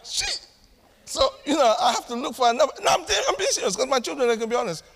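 A man preaching a sermon to his church, animated and acting out little family scenes as he talks. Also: very high-pitched, fast talker, creaky, husky. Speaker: pastor. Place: church hall. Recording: long hall reverb.

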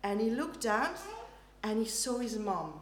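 A woman's voice: medium pitch, expressive, unhurried. A middle-aged woman preaching a sermon, telling stories animatedly and acting out voices. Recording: roomy hall with faint noise.

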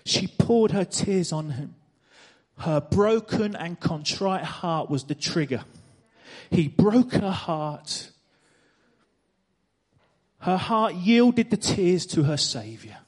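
High-voiced emphatic male preacher. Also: animated, slow, a little mellow, breathy edge. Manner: emphatic, repeats phrases, rhetorical questions to the congregation. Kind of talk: sermon. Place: church stage before a congregation.

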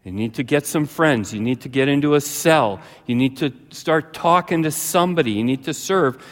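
A man preaching a sermon as pastor, telling a childhood story with lively acted-out voices. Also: normal speed. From British Columbia, Canada. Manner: animated storyteller, jumps to high frantic voices when acting out his childhood self. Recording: long reverb of a large hall.

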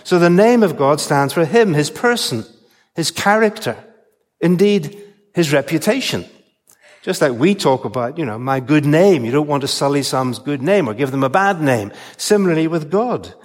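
An older man preaching a sermon to his congregation, explaining scripture in a measured way with emphatic stresses. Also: mid-range voice, in a large hall.

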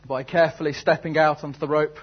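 A man's voice: a little high, level tone, quick pace, slightly rough, highs cut off. A man preaching a sermon, telling a story and then asking earnest, searching questions. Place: church service.

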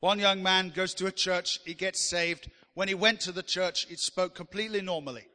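A man's voice: high-pitched, fairly even intonation, normal speed, bright, forceful tone, in a large hall. A man preaching a sermon in a chatty, joking way, teasing the congregation.

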